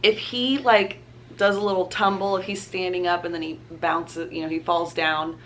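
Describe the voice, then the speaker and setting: A woman's voice: on the low side, flat delivery, normal speed, a bit bright, slight background noise. A young woman, chatting casually to camera as a mom vlogger and laughing often.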